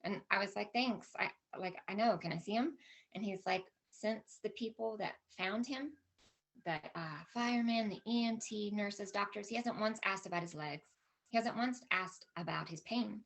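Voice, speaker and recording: Speaking at a conference, this middle-aged woman shares a personal story with raw feeling and plenty of quoted conversation. Her mid-range voice is gravelly yet fairly bright, and she keeps a moderate pace.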